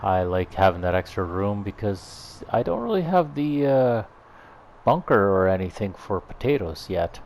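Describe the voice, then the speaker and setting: A man with a low, deep voice talks casually over his farming game, thinking out loud and rambling easily. His tone is relaxed and chatty, with a faint hum of air conditioning behind him. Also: normal speed. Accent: slips into a put-on Irish lilt. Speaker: gaming channel host. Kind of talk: casual gameplay commentary.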